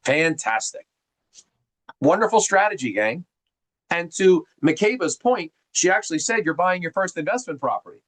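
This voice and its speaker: A middle-aged man from New Jersey giving an animated, folksy seminar talk to a group on a video call. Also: on the high side, moderate pace, poor audio. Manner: animated, folksy, calls listeners gang. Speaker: mortgage presenter on a group call.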